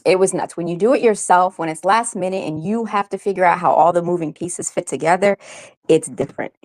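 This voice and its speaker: An American woman hosting a live chat, talking in an animated, chatty way and laughing often. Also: on the low side, a little fast. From United States. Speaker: host of a live chat stream. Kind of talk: casual chat.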